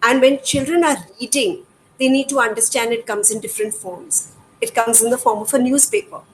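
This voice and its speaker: A middle-aged woman educator with an Indian English accent speaks fairly quickly in a high voice, explaining reading activities to parents. She's patient and demonstrative and uses rhetorical questions, on a rough recording with faint background noise.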